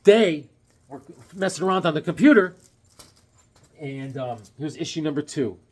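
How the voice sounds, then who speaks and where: A man with a somewhat high-pitched voice chats his way through a comic book review. He rambles loosely, leans on fillers and tag questions, and slips in the odd pun. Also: lively intonation, moderate pace, a little mellow. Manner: jokey, with puns.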